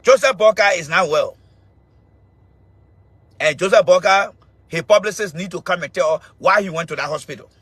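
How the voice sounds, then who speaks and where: A middle-aged man with a Liberian accent rants through a political commentary monologue, his high voice bright and cutting against a dry, close mic. He repeats himself, loops back and jabs at his listeners. It is the loose talk of an online show host. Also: moderate pace, long pauses, breathy edge, no room sound. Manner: mocking, laughing, shouting insults at a commenter; loose, repetitive, ranting.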